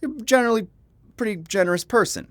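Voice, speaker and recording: A man's voice: high-pitched, quick pace, no room sound. A man telling a personal story in a loose, rambling way, chuckling often and swearing freely, at his computer at home. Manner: rambling, chuckling, frank and profane. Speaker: vlogger. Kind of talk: casual storytime monologue.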